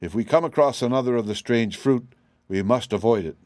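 A man's voice: mid-range voice, brisk, darkish tone, no echo, close to an everyday voice. A man voicing a fussy little bald old wizard in a storybook reading, raised and fretful.

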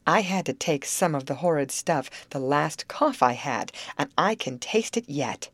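A woman's voice: low voice, expressive, unhurried, dry recording. A woman voicing Grace, a teenage girl who hates the cold and loves luxuries, sounding fretful and a little petulant. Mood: complaining.

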